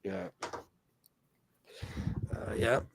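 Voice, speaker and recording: A man hosting a casual livestream who reads chat aloud and rambles with plenty of profanity. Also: extremely slow. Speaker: livestream host.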